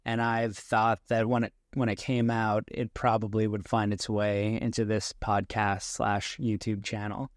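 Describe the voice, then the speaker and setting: A man hosting a podcast in a relaxed, chatty way, speaking into a desk microphone. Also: lowish voice, measured pace, hardly any pauses, dry recording, studio quality. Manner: relaxed, chatty, with restarts and small laughs. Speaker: podcast host. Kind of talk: casual podcast talk. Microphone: desk mic.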